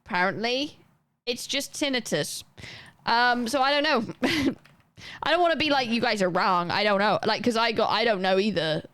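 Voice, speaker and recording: A woman's voice: fairly high pitch, expressive, normal speed, a bit bright, clean tone, dry recording. A young woman livestreaming a game, chatting casually and rambling as she plays and talks to her chat.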